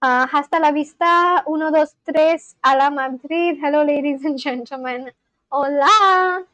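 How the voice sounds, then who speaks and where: A woman's voice: high voice, fairly even intonation, moderate pace, a bit bright, no echo, poor audio. A woman hosting a casual live stream, chatting with viewers and reading their comments aloud in a rambling way, often stopping and restarting her sentences. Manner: rambling, chatty, frequent restarts and self-corrections. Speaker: livestream host learning a language.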